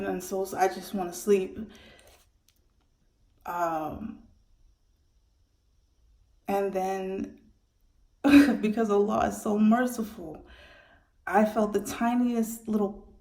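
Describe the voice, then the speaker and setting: A woman tells the story of her own premature birth, speaking haltingly and with emotion. She restarts her sentences often. Her voice sits at a middle pitch and carries a noticeable room echo. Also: dark tone. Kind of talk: personal storytelling monologue.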